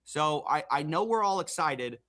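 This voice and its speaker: A man hosting a live stream, casually commenting on a video clip with loose, halting restarts. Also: fairly high pitch, animated, pushed and bright. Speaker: streamer host.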